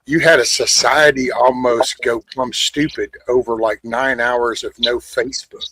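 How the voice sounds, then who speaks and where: Man, host of a casual talk show, husky, dry close sound, blunt and profane. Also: medium pitch, steady tone, measured pace, sharp tone, no room sound, rough recording. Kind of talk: casual chat.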